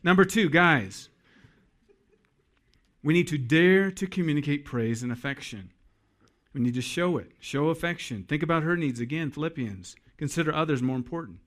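A pastor preaching to husbands, folksy and joking. His voice sits a little high for a man. He speaks straight to the men in the room. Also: normal speed, a bit bright. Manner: folksy, jokey, addresses men directly. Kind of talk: sermon.

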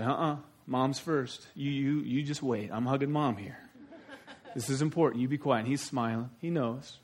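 A middle-aged man preaching a sermon, telling the story in a folksy, animated way with sudden loud outbursts. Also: mid-range voice. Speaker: pastor.

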